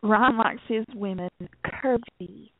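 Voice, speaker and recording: A woman's voice: mid-range voice, slow pace, no room sound. Blunt woman co-host on a phone-like line. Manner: blunt, outspoken, laughing along. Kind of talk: casual comedic podcast chat. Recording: tinny, phone-like, dry.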